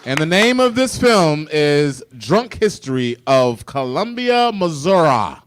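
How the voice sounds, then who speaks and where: A man's voice: on the high side, a little slow, a faint crowd. A man from Chicago hosting a live comedy game show, jokey and riffing on the guests. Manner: jokey, animated, riffs and laughs at his own jokes.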